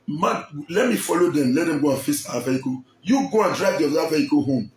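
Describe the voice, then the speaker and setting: A man with a Nigerian accent voicing a calm, mature naval officer speaking in a conciliatory way. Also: on the high side, fairly quick, echoey room, soft background music, voice pushed down, natural voice, rough recording.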